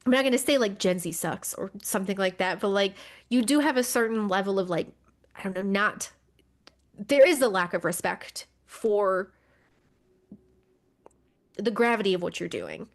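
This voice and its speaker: Woman podcast co-host, mid pitch, casual and chatty. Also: normal speed, pauses often. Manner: conversational, with frequent fillers and restarts. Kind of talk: casual chat.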